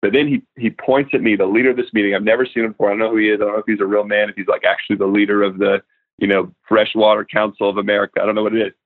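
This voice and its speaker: Earnest thirties male guest minister, low register, heard through a thin phone-like line. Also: rapid-fire. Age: 30s. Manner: earnest, animated storytelling with many fillers. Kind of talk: podcast interview, spoken prayer. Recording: tinny phone-like remote line.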